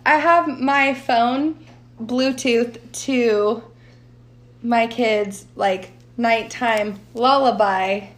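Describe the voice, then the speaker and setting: A woman's voice: a little high, extremely slow. A woman in her thirties co-hosting a casual podcast chat, swearing freely and laughing through her stories. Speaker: podcast co-host.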